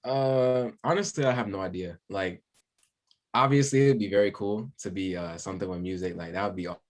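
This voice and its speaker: A young man chatting as a podcast guest musician, laid-back and slangy, telling drawn-out stories. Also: on the low side. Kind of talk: casual podcast chat.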